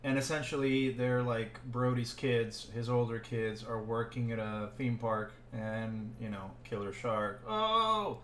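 A man's voice: medium pitch, a little slow, hardly any pauses. A man co-hosting a casual movie podcast, rambling through a film recap with frequent laughs. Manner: rambling, laughs often, animated when joking. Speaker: podcast co-host. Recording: echoey room with faint ambient noise.

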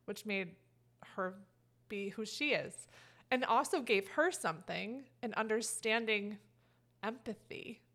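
A woman's voice: medium pitch, measured pace, fairly bright tone. A woman co-hosting a podcast, talking in a casual, emotional way and rambling with many fillers. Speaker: podcast co-host. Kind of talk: casual heartfelt chat.

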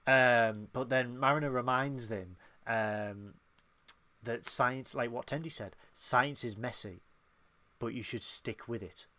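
A man co-hosting a casual review podcast, chatting and acting out characters' lines in quick asides. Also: mid-range voice, steady tone, pushed and bright, dry recording. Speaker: podcast co-host.

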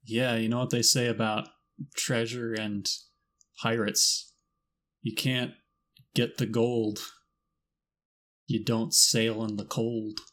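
A man co-hosting a comedy podcast, trading dry, deadpan jokes with his partner. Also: mid-range voice, slow, long pauses. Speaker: podcast co-host.

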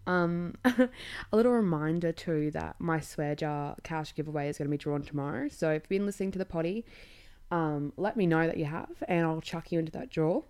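Young Australian woman hosting a podcast; low, mellow voice, blunt sweary storyteller who laughs mid-sentence. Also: brisk, clear, resonant tone. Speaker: podcast host. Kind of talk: casual comedic storytelling.

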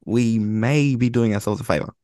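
A man's voice: mid-range voice, normal speed, warm tone, dry recording, clean studio sound. A man, a guest on a sports podcast, making blunt points in casual chat and swearing offhandedly. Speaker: football writer, podcast guest.

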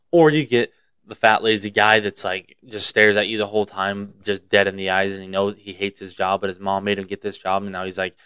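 A young man from Montana riffs on his solo podcast, swearing freely and rambling from one gripe to the next with real heat. His voice sits low and comes through smooth and clear. The sound is dry and close, with no room around it. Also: steady tone, normal speed, fairly bright tone, dry recording. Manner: profane, rambling, fired up. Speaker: podcast host. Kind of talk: casual solo podcast rant.

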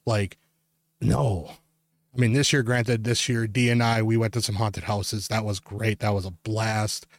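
A man's voice: on the low side, level tone, unhurried, no room sound. A young man hosting a podcast, telling a long story in casual, rambling chat full of filler words. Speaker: podcast host.

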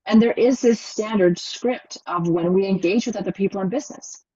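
A woman hosting a casual interview, talking in an animated, expressive way about emotions at work. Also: medium pitch, brisk, lo-fi sound. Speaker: podcast host.

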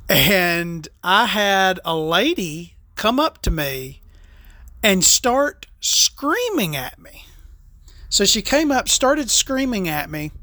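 A solo podcast host chatting casually, rambling from point to point with plenty of swearing and tongue-in-cheek asides. The voice sits in a middle pitch. The sound is dry and close to the microphone. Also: pushed and bright, dry recording.

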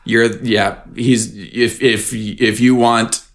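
A man's voice: fairly low pitch, level tone, takes it slowly. A man co-hosting a casual podcast recap of a TV episode, laughing often, swearing casually and hiccupy. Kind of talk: casual chat.

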